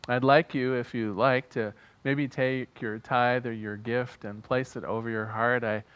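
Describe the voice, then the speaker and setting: A man ministering to a church congregation, leading them in prayer with earnest, fervent conviction. His voice sits at an ordinary middle pitch. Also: steady tone, a little slow, a bit bright, smooth. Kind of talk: sermon and prayer. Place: church service.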